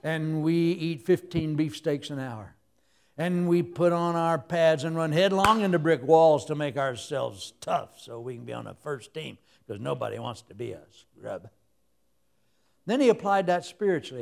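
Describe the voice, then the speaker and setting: A man's voice: on the high side, normal speed, vocal fry. A man preaching a humorous sermon, telling stories with sound effects and laughing at his own jokes.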